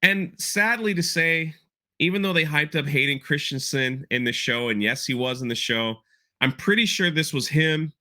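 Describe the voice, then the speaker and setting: A podcast host with a slightly high, bright voice talks at a normal speed in a forceful tone. He rambles through a show episode in casual chat, repeating words and quoting lines with feeling.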